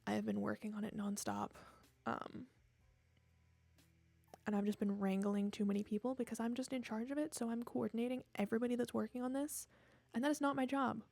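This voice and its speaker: A young woman streamer chats in a tired, rambling way, often laughing at herself. Her voice sits a bit high with a gravelly fry at the ends of phrases. The sound is close and dry on a desk mic, with no room around it. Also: fairly even intonation, a little fast, darkish tone, dry recording. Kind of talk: casual stream chat. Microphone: desk microphone.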